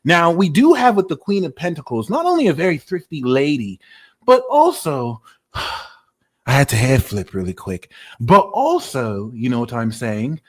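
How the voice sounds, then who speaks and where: A man's voice: fairly high pitch, very animated, normal speed, a bit bright, pitched below the performer's own voice. A man voicing a cheeky, vain British tarot reader with a put-on British accent, playful and teasing during a live tarot reading. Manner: playful, teasing, mock-indignant.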